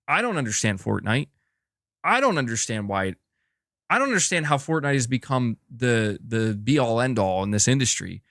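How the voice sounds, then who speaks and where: A man's voice: medium pitch, no room sound, clean studio sound. A man streaming as a gaming YouTuber, reading chat and chatting loosely, swearing and calling people dude and bro. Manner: casual, swears, says dude and bro a lot.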